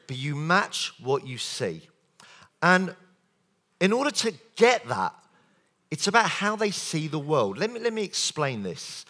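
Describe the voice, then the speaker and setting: A man giving a lively conference keynote as a sales trainer, quizzing the audience with show-of-hands questions and quick jokes. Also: a little high. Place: conference hall.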